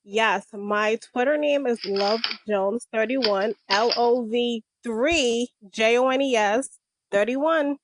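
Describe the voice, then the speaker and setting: Chatty woman guest. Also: a little high. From Rhode Island, USA. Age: 30s. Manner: chatty, drawn-out fillers. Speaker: podcast guest. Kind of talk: casual podcast chat.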